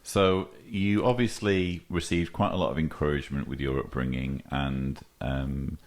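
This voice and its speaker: Male host, very low voice, easygoing, keeps the guest talking with questions. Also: steady tone, moderate pace. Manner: prompting, asks follow-up questions. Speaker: interview host. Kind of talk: casual interview.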